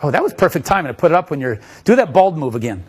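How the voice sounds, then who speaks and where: Animated husky man lecturing on magic. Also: fairly high pitch, very fast. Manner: playful, joking, animated. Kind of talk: live lecture demonstration.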